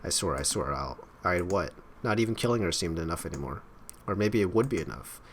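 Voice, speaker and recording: Man, very deep voice, reads game story aloud, wry side comments, faint hiss in the background. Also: lively intonation, fairly quick. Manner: wry asides between dramatic narration. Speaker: game streamer. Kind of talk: reading game text aloud with casual commentary.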